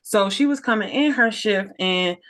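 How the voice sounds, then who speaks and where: An emphatic middle-aged woman tells her stories on a podcast in a voice of ordinary pitch. She is animated and acts out each line of dialogue. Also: normal speed. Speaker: nurse and business owner, podcast guest. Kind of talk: casual storytelling interview.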